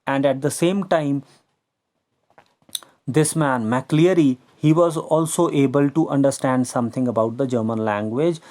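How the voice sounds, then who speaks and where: A man's voice: medium pitch, darkish tone. A man teaching a story lesson, patiently explaining and repeating words, now and then slipping into Hindi. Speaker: English teacher.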